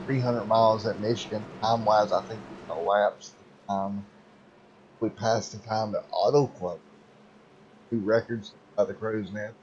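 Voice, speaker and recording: Hoarse, excitable male race commentator. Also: lowish voice, a little slow, muffled recording, slight background noise. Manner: excitable, rambling with fillers. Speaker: sim racing commentator.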